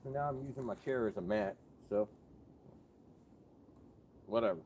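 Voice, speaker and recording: A man's voice: on the low side, moderate pace, darkish tone, a little hiss or hum. A man casually chatting with viewers during a live fishing stream, talking in a laid-back, joking way, recorded outdoors on a riverbank at night on a phone.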